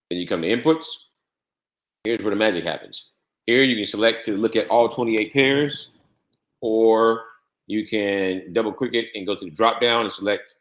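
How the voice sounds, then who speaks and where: A man with a fairly low voice walks through a software setup. He repeats key steps and spells out letters one by one. His voice echoes around the room. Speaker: trading software instructor. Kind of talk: screen-share tutorial walkthrough.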